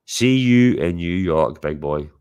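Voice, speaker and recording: Loud sweary stream host guy, lowish voice, ribbing his viewers. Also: lively intonation, slow pace, clear, resonant tone. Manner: rowdy, swearing, teasing. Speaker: livestream host. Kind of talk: casual chat to a live chat.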